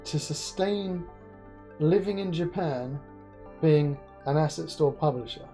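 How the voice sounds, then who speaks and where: A man hosting a casual live-stream interview, asking jokey, animated questions with many restarts. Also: on the high side, slow pace, faint music behind. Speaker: interview host.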